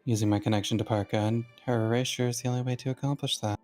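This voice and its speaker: A calm, composed male guide from the dream world, voiced by a friend reading a visual novel aloud. He speaks in a measured, slightly formal way at an even middle pitch, with no hurry in his voice. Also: faint music behind, lightly acted.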